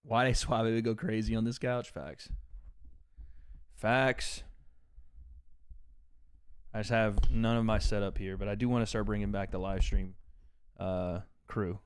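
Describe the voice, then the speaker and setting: A man's voice: on the low side, little pitch movement, a little slow, long pauses, smooth. A man from Tennessee hosting a livestream from a couch at home, chatting casually and profanely with his viewers and reading out their donations. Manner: laid-back and profane, reading out chat donations. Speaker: livestream host. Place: on a couch at home, without his usual setup.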